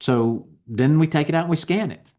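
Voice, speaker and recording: A man giving a continuing education lecture on dental technique, explaining each step in a relaxed, conversational way. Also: a little high, normal speed.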